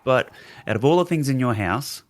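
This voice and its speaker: An Australian man co-hosts a casual podcast chat, full of teasing banter. His pitch moves around a lot as he talks. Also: lively intonation, normal speed. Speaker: podcast co-host.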